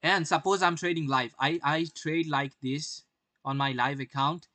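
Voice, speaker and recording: A man's voice: on the high side, steady tone, normal speed, sharp tone, no echo. Brash young man streaming trade commentary. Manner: brash, swears often, asks viewers rhetorical questions. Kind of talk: live-stream market commentary.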